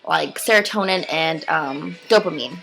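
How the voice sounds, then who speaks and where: A woman's voice: low voice, measured pace, vocal fry, fairly bright tone, poor audio. A woman vlogger talking earnestly to her viewers in a rambling, casual way, swearing freely. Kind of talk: casual heartfelt talk to camera.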